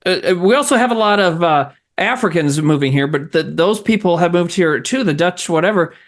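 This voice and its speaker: A male podcast host who tells stories in loose comedy chat, swearing freely as he goes. His pitch swings widely and his delivery is animated. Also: fairly quick. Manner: animated, profane storytelling.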